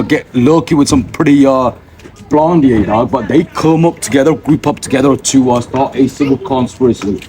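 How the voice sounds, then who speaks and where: A man's voice: medium pitch, darkish tone. A man rambling to camera from a street bench, full of fillers and repeated slang tags. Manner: meandering, filler-heavy, keeps tagging sentences with a slangy address. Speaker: vlogger.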